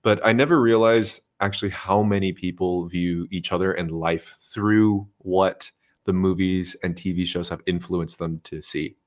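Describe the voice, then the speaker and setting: American male podcast host, low voice, rambling and easygoing. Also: fairly even intonation, normal speed. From United States. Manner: rambling, laughs easily, filler-heavy. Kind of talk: casual conversation.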